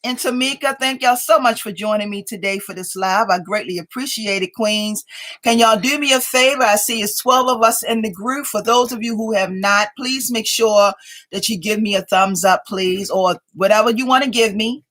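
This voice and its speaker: A woman's voice: medium pitch, normal speed, a bit bright. A woman hosting a casual craft livestream from home, greeting viewers by name as they join and chatting along, a little sleepy. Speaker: craft channel host.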